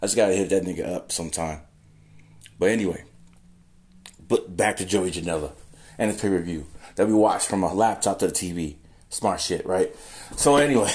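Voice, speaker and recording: A man's voice: low voice, a little mellow, slight background noise. A man hosting a casual solo podcast into a phone, rambling and swearing as he talks, interrupting himself often. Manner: profane, rambling, self-interrupting. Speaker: podcast host. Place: room at home.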